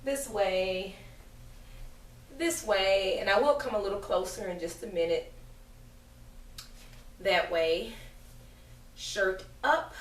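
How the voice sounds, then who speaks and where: A woman's voice: medium pitch, takes it slowly, pauses often. A young woman giving a casual pregnancy update vlog, nauseous and a little out of breath, chatty and rambling with many fillers. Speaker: family vlogger.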